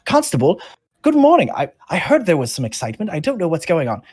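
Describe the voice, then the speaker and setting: A man voicing a cheerful male gnome inventor and shopkeeper who talks high and excitedly and trips over his words. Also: fast talker, slightly rough, heavily acted. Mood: cheery.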